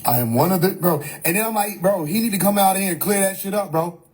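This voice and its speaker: A man's voice: high voice, quick pace, darkish tone, breathy edge. A young man hosting a livestream, ranting casually with lots of profanity, incredulous and often laughing. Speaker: livestream host.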